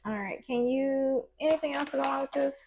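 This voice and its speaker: A woman's voice: high voice, a little fast, darkish tone. Woman tarot reader, casual and playful, chatty with slang and asides to spirit. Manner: acts out little quoted voices in between.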